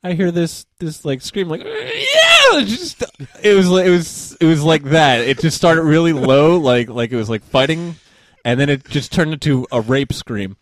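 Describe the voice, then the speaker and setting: A man's voice: on the high side, moderate pace, no echo. Rambling man telling a story, dry sound. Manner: rambling, swears freely, laughs through his story. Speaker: podcast guest. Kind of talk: casual storytelling chat.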